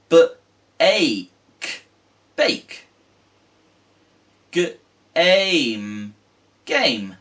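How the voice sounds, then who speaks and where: A man teaching a children's phonics lesson, sounding out letters with big gasps. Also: medium pitch. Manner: animated, exaggerated gasps and sing-song letter sounds.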